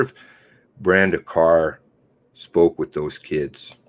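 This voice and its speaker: A man hosting a casual livestream, reading and commenting on articles in a sarcastic, mocking way, with loud outbursts and low mutters. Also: lively intonation, unhurried. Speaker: livestream host.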